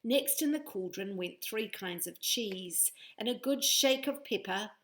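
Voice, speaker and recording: A woman's voice: medium pitch, animated, measured pace, a bit bright. A woman reading a picture book aloud to children, playful and inviting them to join in. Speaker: storyteller.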